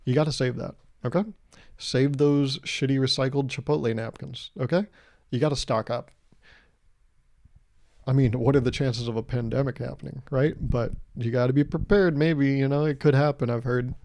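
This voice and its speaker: A man's voice: mid-range voice, steady tone, normal speed, darkish tone, no room sound, studio quality. A man hosting his own podcast, delivering a casual, profane comedic rant with exasperated swings. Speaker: podcast host.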